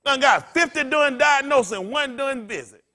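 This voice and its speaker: A male pastor preaching with a high, piercing tone, bright and cutting at the edges. His delivery is impassioned and plain-spoken, with emphatic bursts carrying his points to the congregation. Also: moderate pace. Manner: impassioned, colloquial preaching with rising outbursts. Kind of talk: sermon. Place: congregation gathering.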